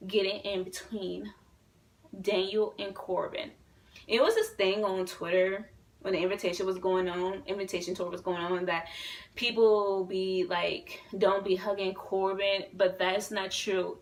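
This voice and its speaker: A woman in her twenties, a vlogger telling a story to camera in a rambling, excitable way, full of fillers and swearing. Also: mid-range voice, distant mic, low-quality recording. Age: 20s.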